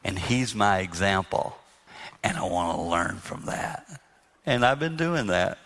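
A man preaching about marriage to a live room, his voice forceful and bright. He speaks emphatically and sinks to a soft, hushed tone whenever he quotes his own words. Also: low-pitched, very animated, a little slow, long reverb tail. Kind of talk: live talk to an audience. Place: hall with audience.

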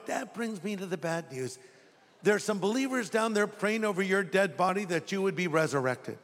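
A man's voice: high voice, animated, moderate pace, fairly bright tone. A middle-aged male pastor giving a conversational, playful, storytelling sermon. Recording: long reverb of a large hall.

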